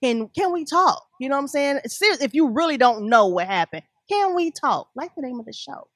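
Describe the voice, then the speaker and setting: A woman's voice: high-pitched, expressive, fairly quick, no room sound, studio quality. A woman co-hosting a casual review chat, blunt and sassy in her talk. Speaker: co-host of a reality TV review show.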